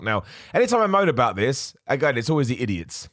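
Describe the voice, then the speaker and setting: A man's voice: lowish voice, fast talker, dry recording, clean studio sound. A man hosting a podcast, chatting casually and animatedly, often correcting himself mid-sentence. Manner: animated, self-correcting, mocks other voices. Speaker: podcast host. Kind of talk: casual wrestling opinion chat.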